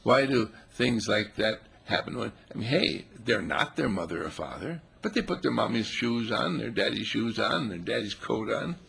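A man giving a playful, animated spiritual talk, now and then putting on animal voices. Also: lowish voice, moderate pace, few pauses. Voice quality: gravelly, husky.

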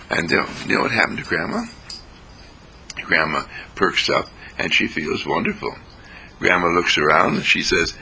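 A man giving an inspirational daily thought in a slow, deliberate, folksy manner, often clearing his throat. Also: sits low, bright, forceful tone, slight background noise, rough recording. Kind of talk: inspirational radio talk.

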